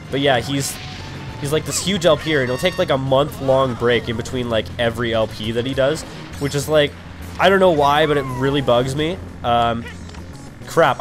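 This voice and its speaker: A young man rambling through casual gaming commentary, profane and over-caffeinated, with sudden raging outbursts. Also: mid-range voice. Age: young adult. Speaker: let's play commentator. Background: game music.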